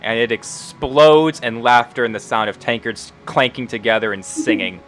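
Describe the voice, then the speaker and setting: A man's voice: medium pitch, normal speed, fairly bright tone, faint music behind. A man narrating a tabletop game as game master, casual and profane, laughing often. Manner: casual, laughing, swears freely.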